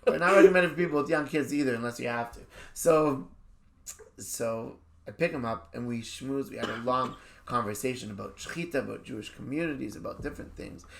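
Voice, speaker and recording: Gravelly, bright-voiced rabbi telling stories. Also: male voice, medium pitch, a little fast, slight background noise. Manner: animated anecdotal storytelling with voice impressions. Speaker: rabbi and podcast host. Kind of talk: casual storytelling chat.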